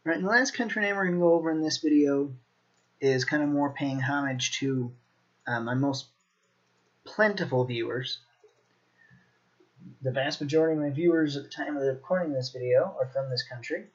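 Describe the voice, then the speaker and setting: A fairly high-voiced American man leads a video language lesson, relaxed and patient, saying each new word several times slowly. The recording sounds dull and lo-fi, as if from a home desk setup. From United States. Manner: relaxed, repeats words slowly for learners. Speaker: language teacher.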